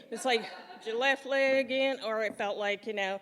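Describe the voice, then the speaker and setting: A woman's voice: on the high side, steady tone, normal speed, a bit bright, long reverb tail, faint music behind. A woman on stage telling a comic story about her own life to a live audience, acting out the scenes with self-mocking humor.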